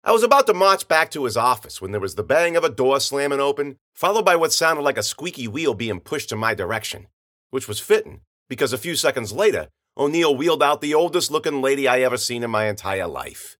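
A man narrates a gritty, hard-boiled tale in the first person, using slang and rough grammar. His bright, forward voice moves briskly and swings widely in pitch as he tells it.

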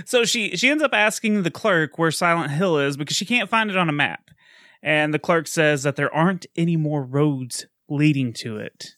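A man casually retelling a film plot in chat, animated and quick to laugh. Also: fairly high pitch, no room sound, clean studio sound. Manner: animated storytelling, laughs often. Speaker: podcast co-host recapping a film.

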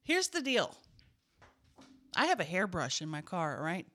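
Deadpan woman comic with lively pitch. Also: measured pace. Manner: deadpan, dry comic delivery. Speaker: podcast co-host, comedian. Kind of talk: casual chat. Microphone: studio microphone.

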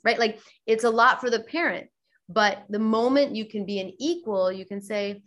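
A middle-aged woman yoga teacher, talking as a guest in a relaxed interview, lively and quick to act out the voices she quotes. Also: medium pitch. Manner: animated, acts out quoted voices. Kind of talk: casual interview chat.

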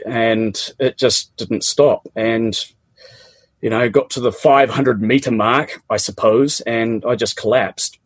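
A man's voice: medium pitch, slightly rough, no echo. A middle-aged man with a New Zealand accent, casually and animatedly telling a personal story, often laughing.

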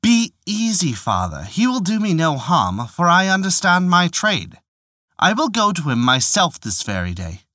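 A man's voice: high-pitched, huge pitch swings, measured pace, bright, forceful tone, no room sound, clean studio sound, exaggerated voice. A man playing a bold young master thief. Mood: confident. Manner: confident, slightly boastful.

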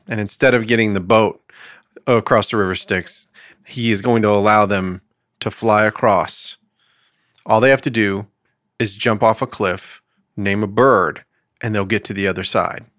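A man's voice: fairly low pitch, measured pace, fairly bright tone, no echo, studio quality. A man co-hosting a podcast, joking around and telling a long joke. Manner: jokey, tells jokes with put-on voices. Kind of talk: casual podcast chat.

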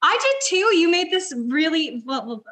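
A woman's voice: extremely high pitch, very animated, normal speed, fairly bright tone. A woman guest on a casual call interview, bubbly and a bit nervous, with frequent giggles. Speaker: interview guest, content creator.

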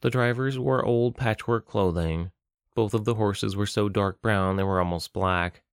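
A man narrating a fantasy audiobook in an even, steady storytelling manner. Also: fairly low pitch, a little slow, clean tone, no room sound, clean studio sound. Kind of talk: scripted narration.

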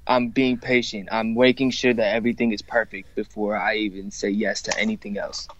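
A man who makes music, talking about his work as a guest in a casual chat, relaxed and full of fillers. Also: on the low side, a little fast, slight background noise. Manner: laid-back, relaxed, lots of fillers. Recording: dull, dry, muffled sound.

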